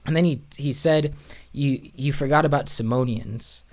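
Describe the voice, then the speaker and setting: A man's voice: mid-range voice, moderate pace, darkish tone. A man telling a long personal story in a podcast chat, rambling with frequent restarts. He plays music for a church. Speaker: podcast guest. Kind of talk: casual storytelling.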